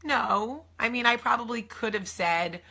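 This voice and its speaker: A woman's voice: on the high side, unhurried, sharp tone, husky. A woman with a New Jersey accent hosting a casual chat to camera. She talks in a confiding way and keeps drifting into asides. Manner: chatty and confiding, trailing off into asides. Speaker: host.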